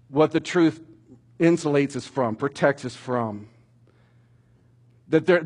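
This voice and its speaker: A middle-aged man preaching a sermon, telling stories with animated emphasis that rises toward shouting at dramatic moments. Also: a little high. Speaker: pastor.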